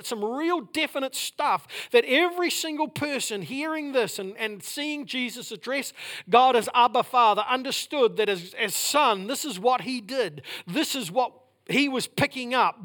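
A man preaching a sermon in a high voice. He stacks repeated phrases and swings from loud, ringing declarations to soft, near-whispered lines. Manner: repetitive, building phrases. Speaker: pastor.

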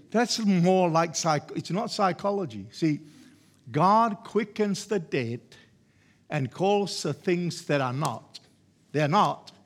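A male preacher delivering a sermon in a high voice at an unhurried pace. He leans hard on repetition and builds his points into emphatic, raised exhortation.

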